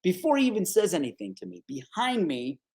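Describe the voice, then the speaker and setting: This man, in his 40s and from upstate New York's Capital Region, works as a sports broadcaster and is a guest telling stories in a casual podcast interview. His voice is high-pitched and a little fast, with vocal fry; he's animated, acts out quotes, and says "dude" and "right?" frequently.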